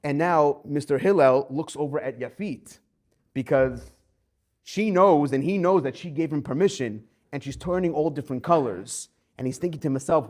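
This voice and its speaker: A man, a rabbi giving a Torah class, telling a story with lively acted-out quotes. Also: on the high side, moderate pace.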